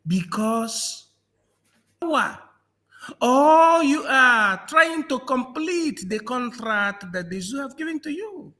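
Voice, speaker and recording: Man, from Nigeria, high voice, mocking, laughs a lot, political discussion. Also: lively intonation, slow, pushed and bright. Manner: mocking, laughs often, repeats phrases. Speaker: panel guest.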